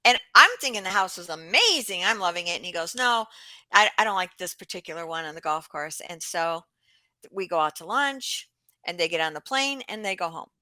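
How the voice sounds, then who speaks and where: A woman real estate agent, a podcast guest, telling a story in a chatty, lively way and acting out the other people's lines. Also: lowish voice, brisk, dry recording. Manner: chatty, lively, acts out dialogue with quoted voices. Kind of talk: animated storytelling in an interview.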